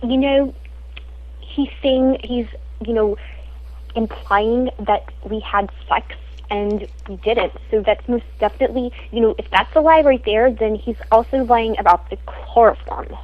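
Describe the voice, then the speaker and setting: A woman's voice: on the high side, unhurried, dry recording, lo-fi sound, close to an everyday voice. A woman voicing a defensive young woman who indignantly and evasively denies accusations in an improvised comedy spoof.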